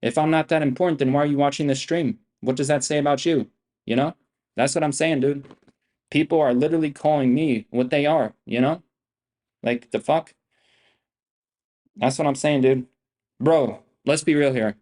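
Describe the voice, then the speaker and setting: A man's voice: fairly high pitch, normal speed, long pauses, a little mellow. Young male streamer, swaggering and crude, loops the same brags over and over. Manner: boastful, profane, repetitive swagger. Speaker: day trader streamer. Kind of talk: live-stream trading commentary.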